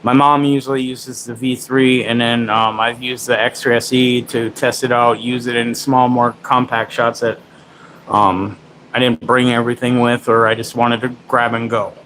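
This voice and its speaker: A man in his forties talks through gear on a live stream in a loose, rambling way, pausing with fillers. There is a faint hiss of noise in the background. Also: mid-range voice, level tone, fairly bright tone, rough recording. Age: 40s. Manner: loose, rambling, swears casually. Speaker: tech livestream host. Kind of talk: casual livestream chat.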